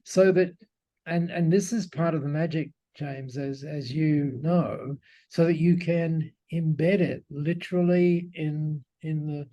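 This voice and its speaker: A man's voice: fairly high pitch, steady tone, slow pace, warm tone, muffled recording. A man, a company cofounder, telling a story as an interview guest in a reflective way, with frequent restarts.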